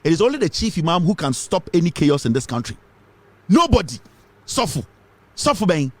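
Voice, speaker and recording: Fiery Ghanaian man, high lively voice. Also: moderate pace, breathy edge, dry recording. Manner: fiery, emphatic, repeats points, mixes English with Twi. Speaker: political commentator. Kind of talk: impassioned political commentary.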